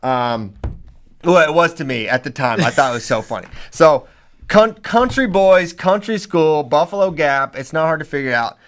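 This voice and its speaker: Animated young man telling stories. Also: fairly high pitch, normal speed. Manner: animated storyteller, laughs through his own stories. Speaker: wrestling coach and podcast co-host. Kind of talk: casual podcast chat.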